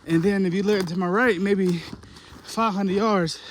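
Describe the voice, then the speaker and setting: Young guy filming himself outdoors on a hunt, winded, loose slangy rambling, slightly high voice, faint noise. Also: steady tone, unhurried. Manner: rambling, slangy, talks to camera while hiking. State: out of breath. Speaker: hunting vlogger. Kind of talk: casual outdoor vlog. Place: outdoors on a mountain hike.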